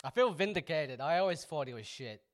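A man's voice: on the high side, animated, a little fast. A man with an Australian accent, co-hosting a casual podcast chat in a dry, self-deprecating way. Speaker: podcast co-host.

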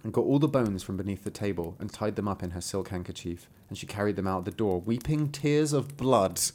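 A man reading a fairy tale aloud with a wry, animated manner, breaking off to joke. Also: on the low side, fairly quick. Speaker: storyteller.

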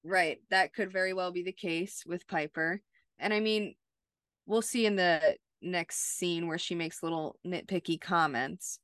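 Unhurried and fairly low-pitched, her voice is clean and fairly bright, recorded in clean studio sound with no echo. She co-hosts a podcast, recapping a TV episode in a casual, chatty manner peppered with "like".

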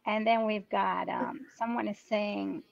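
A woman with a gravelly edge hosts a live show, affirming her guest and reading viewer comments aloud. The sound is dry and dull, like a lo-fi recording. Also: medium pitch, fairly even intonation, measured pace, dry recording. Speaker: host.

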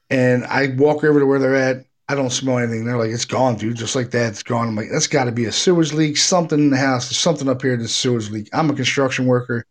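Middle-aged guy rambling thru a ghost story, swears a lot, acts out the quotes. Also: mid-range voice. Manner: rambling, profane, animated retelling with acted quotes. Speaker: paranormal investigator guest. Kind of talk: casual storytelling chat.

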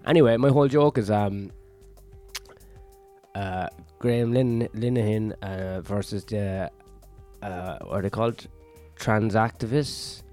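A man with a fairly low voice rambles through a casual, foul-mouthed rant, peppered with fillers and restarts. He sounds sweaty and worn out, and faint music plays behind him. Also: a little slow, dark tone. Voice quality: profane, ranting and rambling, many fillers. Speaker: vlogger.

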